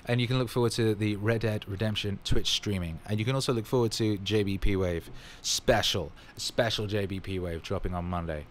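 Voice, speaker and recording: A man's voice: lowish voice, steady tone, fairly quick, hardly any pauses, a little hiss or hum. A man casually answering fan questions in his vlog, rambling and upbeat with plenty of fillers.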